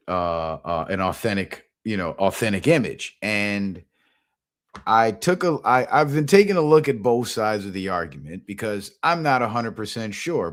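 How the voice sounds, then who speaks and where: A man's voice: fairly low pitch, a bit bright. A man hosting a live stream, talking in a loose, rambling, chatty way with lots of fillers. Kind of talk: casual live-stream commentary.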